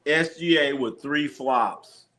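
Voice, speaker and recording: A man's voice: mid-range voice, slow, pushed and bright. A man hosting a live basketball watch party, calling plays casually, reading chat questions and joking with viewers, often repeating himself. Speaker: sports watch-party streamer.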